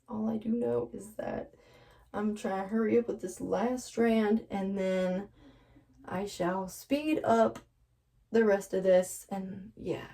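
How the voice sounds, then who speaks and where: Woman vlogger, casual to-camera chat, slow unhurried talk, nervous and giggly, a little off-mic. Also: mid-range voice, gravelly, dark tone, distant mic, low-quality recording. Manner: chatty, nervous, laughs often. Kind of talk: casual chat to camera while dyeing hair. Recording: voice a bit off-mic.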